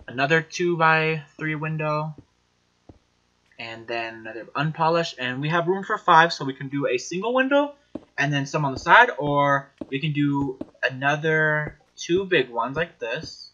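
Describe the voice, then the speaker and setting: Excitable, swearing gameplay commentator man. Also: a little high, highs cut off. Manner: excitable, giggly and foul-mouthed. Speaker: gaming channel host.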